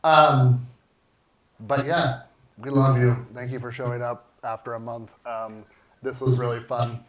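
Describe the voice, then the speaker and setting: A man's voice: mid-range voice, flat delivery, measured pace, recorded from a distance, crowd noise. Rambling man in an echoey kitchen. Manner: enthusiastic, rambling, trailing off mid-sentence. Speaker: cooking show co-host. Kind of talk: casual livestream chat while eating.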